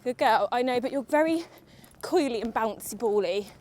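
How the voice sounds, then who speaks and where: A woman's voice: fairly high pitch, expressive, moderate pace, darkish tone. A young woman vlogging while riding her horse, chatty and nervous, talking to the horse and her viewers. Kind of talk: casual chat while riding. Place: outdoor riding arena.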